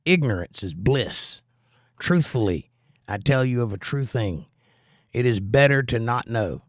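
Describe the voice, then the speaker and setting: A man's voice: medium pitch, no echo, studio quality. A middle-aged American man with a plainspoken, earnest manner, chatting with his stream audience and teaching about the Bible. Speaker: livestream host and Bible teacher. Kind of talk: casual chat and Bible teaching.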